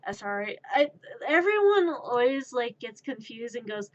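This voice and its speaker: A woman's voice: fairly high pitch, sing-song, moderate pace, muffled recording. A woman streamer in a casual chat who rambles, mocks herself and laughs at herself. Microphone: streaming microphone.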